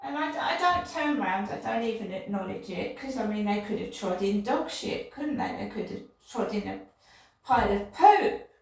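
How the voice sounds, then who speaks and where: A woman's voice: medium pitch, expressive, normal speed, gravelly, few pauses. An older woman vlogging in a rambling, indignant monologue that often repeats itself. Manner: indignant, repetitive, digressive. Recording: echoey room, distant from mic.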